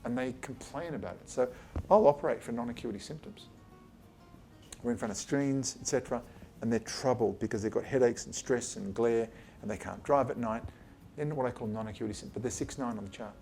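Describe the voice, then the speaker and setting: With faint music behind him, a gravelly-voiced Australian eye surgeon delivers an informal lecture to a small group of colleagues in his office. His voice is mid-range and darkish, and he talks a little fast. Blunt and chatty, he swears casually and acts out exchanges with his patients.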